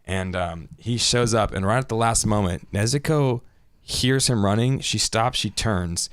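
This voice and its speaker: A man hosting a podcast, retelling an anime episode in casual, lively chat and laughing often. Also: on the low side, unhurried, clear, resonant tone, no room sound. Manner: animated storyteller, laughs often. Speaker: podcast host.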